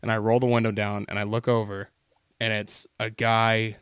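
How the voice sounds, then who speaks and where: Smooth, low-voiced profane male guest. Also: normal speed, no room sound, studio quality. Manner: relaxed, profane, laid-back. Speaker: podcast guest. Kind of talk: casual storytelling chat.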